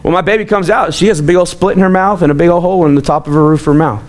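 A man in his thirties preaching a sermon as a pastor, telling personal stories in an animated way with frequent restarts. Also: high voice, racing. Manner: animated, storytelling, repeats words.

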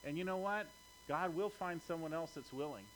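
A man's voice: a little high, brisk, fairly bright tone, a little hiss or hum, poor audio. Conversational man preaching a sermon. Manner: conversational, often checking in with "okay?". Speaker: pastor.

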